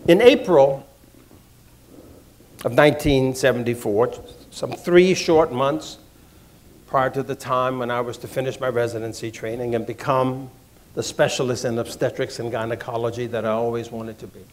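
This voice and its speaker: Man telling his own story, measured. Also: medium pitch, fairly even intonation. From Washington, D.C. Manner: deliberate, with repeated phrases for emphasis. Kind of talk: measured personal talk to an audience.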